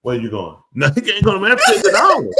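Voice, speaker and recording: A man's voice: high voice, wildly swooping pitch, a little fast, sharp tone, slight background noise. A man hosting a live comedy show, riffing loosely and acting out both sides of a conversation in slang for the audience. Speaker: comedic talk show host.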